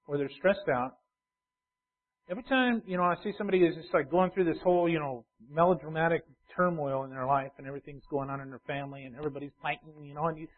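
A male pastor preaching a sermon, repeating key phrases and building in intensity. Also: on the high side. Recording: tinny phone-like sound.

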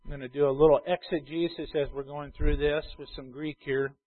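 A man preaching a sermon to a congregation, reading scripture slowly and loudly, then explaining it in a casual way. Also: on the high side, level tone. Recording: tinny phone-like sound.

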